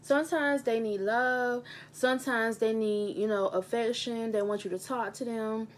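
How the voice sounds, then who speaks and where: An earnest young woman talks straight to a camera at her table at home, her fairly high voice heartfelt as she circles back to the same points. She speaks as a teacher in a relaxed vlog, and the camera's own mic picks her up. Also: normal speed, slight background noise. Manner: earnest, heartfelt, repeats phrases for emphasis. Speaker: teacher and vlogger. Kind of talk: casual mukbang vlog talk. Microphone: handheld camera mic.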